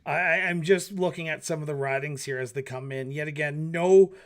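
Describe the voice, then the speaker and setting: A man's voice: a little high, brisk. A man from Canada hosting an election night talk show, speaking conversationally with hesitant fillers. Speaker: show host.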